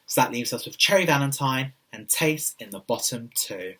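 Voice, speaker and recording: A man's voice: mid-range voice, fairly quick, sharp tone, distant mic. Cheeky camp British drag queen vlogger. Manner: camp, cheeky, sassy, addresses people directly. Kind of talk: casual TV recap vlog.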